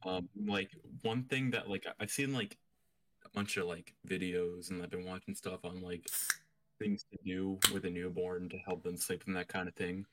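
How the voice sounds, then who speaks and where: A man's voice: low-pitched, steady tone, moderate pace, a little hiss or hum. A young man co-hosting a casual podcast, rambling with frequent restarts and fillers. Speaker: podcast co-host.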